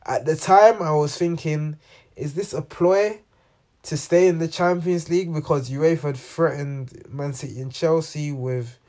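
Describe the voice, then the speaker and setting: Man, reaction channel host, casual unscripted commentary, rambling, fairly high voice. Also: unhurried, mellow. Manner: rambling, full of ums and restarts.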